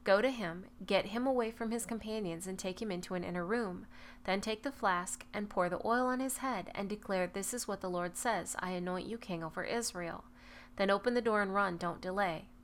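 A woman's voice: medium pitch, a bit bright. Woman reading scripture aloud, faint hiss. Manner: measured reading with occasional self-corrections. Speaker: Bible reader.

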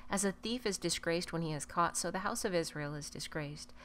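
A woman reads scripture aloud in a measured, even way. Her voice sits a little low for a woman. A faint hiss of noise runs underneath. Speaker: scripture reader.

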